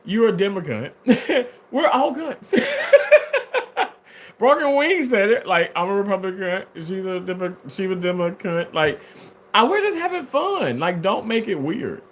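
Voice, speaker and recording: A man's voice: high voice, normal speed. A man talking casually on a livestream, reading viewer comments aloud and answering them in a playful way with frequent laughter. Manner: animated, playful, laughs often.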